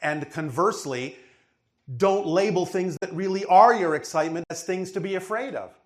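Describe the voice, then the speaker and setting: A man's voice: sits high, normal speed. Emphatic man teaching a questioner. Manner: emphatic, didactic, often checks that he is understood. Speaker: spiritual speaker answering a questioner. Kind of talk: channeled spiritual teaching session.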